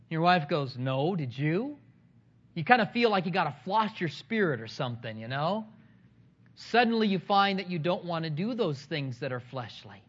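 Man, pastor, sermon, high voice, humorous animated storytelling, muffled lo-fi audio.

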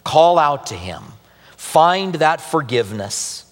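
A man's voice: on the high side, big pitch swings, slow pace, big-room sound. A man preaching a sermon as pastor, earnestly reading and explaining scripture.

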